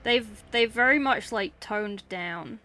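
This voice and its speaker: Her voice sits on the high side, bright and forceful yet slow-paced: a young English streamer painting miniatures and casually, wryly chatting to her livestream. Faint music plays behind.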